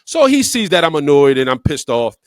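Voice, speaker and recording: A man's voice: fairly high pitch, big pitch swings, brisk, no echo, clean studio sound. A man co-hosting a podcast, telling a story bluntly and repeating words for emphasis. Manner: profane, blunt. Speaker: podcast co-host. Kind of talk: casual storytelling chat.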